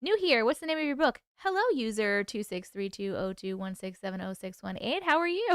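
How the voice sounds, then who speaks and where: A woman's voice: mid-range voice, big pitch swings, a little fast, hardly any pauses, clear, resonant tone, dry recording, studio quality. A woman hosting a casual livestream, chatting with viewers, reading their comments aloud and laughing often. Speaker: livestream host and author.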